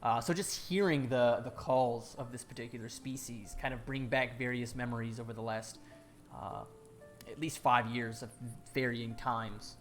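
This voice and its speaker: Man narrating a fantasy game, halting. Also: mid-range voice, fairly even intonation, faint music behind. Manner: halting, many fillers and restarts. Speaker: game master.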